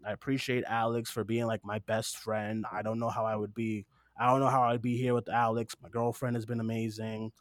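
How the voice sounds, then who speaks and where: A man's voice: fairly low pitch, flat delivery, brisk, few pauses, dry recording, studio quality. A man hosting a podcast in casual chat, rambling and earnest, swearing now and then, teary-eyed while speaking into a desktop mic. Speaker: podcast host.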